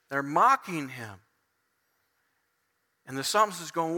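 Male pastor, high bright voice, chatty sermon delivery, long hall reverb. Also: animated, normal speed, pauses often. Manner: conversational preaching, voicing the psalmist's complaints.

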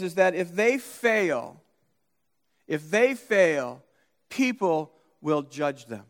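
A man's voice: sits high, big-room sound. A man preaching a sermon in a church, telling stories with emphatic, acted-out quotes and frequent restarts. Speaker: pastor. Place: church sanctuary.

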